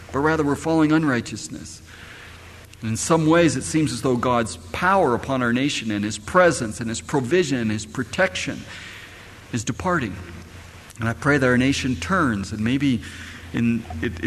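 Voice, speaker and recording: A man's voice: medium pitch, a little hiss or hum. A middle-aged man, a pastor, preaching a sermon and firing rhetorical questions at his congregation. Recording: echoey hall, faint ambience.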